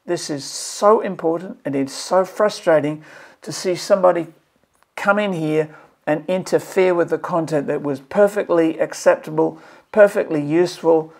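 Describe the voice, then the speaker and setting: A man's voice: on the high side, vocal fry, a little mellow. A man, a maths educator, giving an emphatic and exasperated review of a curriculum draft in a video. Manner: passionate, emphatic, exasperated pleading.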